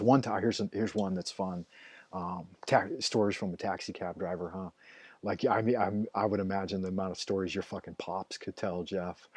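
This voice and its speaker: With a low, slightly mellow voice and no room sound, a middle-aged streamer tells meandering stories. He's casual and profane, swearing frequently and padding his speech with fillers like "like" and "you know."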